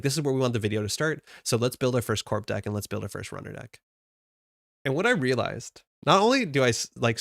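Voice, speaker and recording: A man's voice: lowish voice, creaky, dry recording, studio quality. A young man streaming live, chatting casually and rambling as he reads chat aloud. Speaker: card game streamer.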